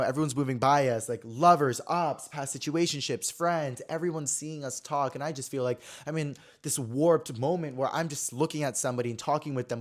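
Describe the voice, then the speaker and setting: A man in his twenties hosting a podcast, telling a personal story in a chatty, filler-heavy way that swings between dramatic and subdued. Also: a little high. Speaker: podcast host. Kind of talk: casual storytelling chat.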